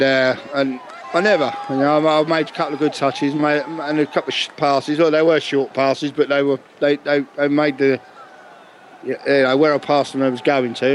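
A man's voice: a little high, slight background noise, low-quality recording. Rambling man telling a story. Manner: rambling, chuckling storyteller with many restarts. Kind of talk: casual anecdote.

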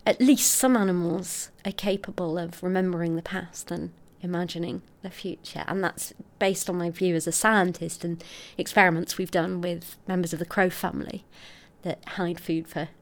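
A middle-aged woman, a scientist explaining her research in an interview, articulate and expressive. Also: lowish voice, normal speed, hardly any pauses. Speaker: scientist guest.

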